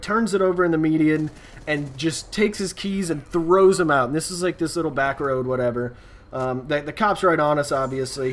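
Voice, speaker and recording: A man chatting through a story time over gameplay, rambling and relaxed. He talks in a slightly higher male voice, full of asides and filler words. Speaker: gaming YouTuber.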